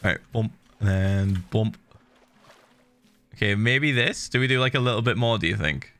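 A man's voice: fairly low pitch, moderate pace, fairly bright tone, faint music behind. A man in his thirties chatting casually on a livestream, swearing freely and muttering little sound effects while he builds. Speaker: streamer.

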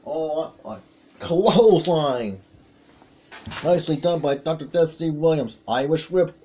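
A man doing play-by-play commentary on a wrestling match, calling out moves with excited exclamations. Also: a little high, measured pace.

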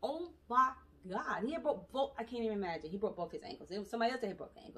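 A young adult woman telling her story in a casual, animated vlog, chatty and full of asides. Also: fairly high pitch, racing, hardly any pauses. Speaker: vlogger. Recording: voice distant from the mic.

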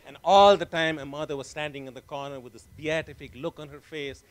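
A man's voice: a little high, steady tone, fairly quick. A middle-aged man giving a humorous family tribute speech at an honoring event, telling a story with dry, wry asides. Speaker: son of the honoree, family speaker.

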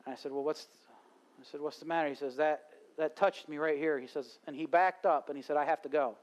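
A pastor delivers a sermon at a live church service, moving from storytelling into fervent preaching. His voice sits notably high for a man. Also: fairly even intonation, brisk.

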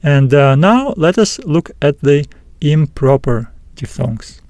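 A man giving a recorded language lesson, pronouncing each sound slowly and repeating it, with frequent "uh" fillers. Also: on the high side, animated, darkish tone. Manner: slow, careful repetition of each sound. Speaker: Greek teacher.

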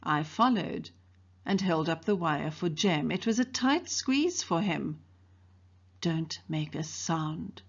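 A woman's voice: on the low side, animated, a little slow, breathy edge, highs cut off. A woman English teacher from South Africa reading a novel aloud to her students, lifting her voice for the characters' dialogue. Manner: reads dialogue in brighter, livelier voices for the characters.

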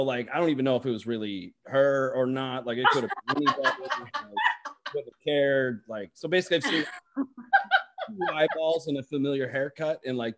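A man's voice: medium pitch, heavy background noise. A young man doing stand-up on a video call, telling a story in a rambling way full of "like" and restarts. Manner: rambling, full of "like" and restarts, acts out quoted voices. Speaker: stand-up comedian. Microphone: video call microphone.

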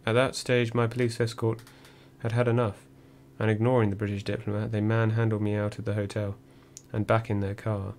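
Reading a first-person memoir for an audiobook, this man keeps his voice low and even, with little variation in pitch. He sounds measured and dry, and a faint hum runs in the background.

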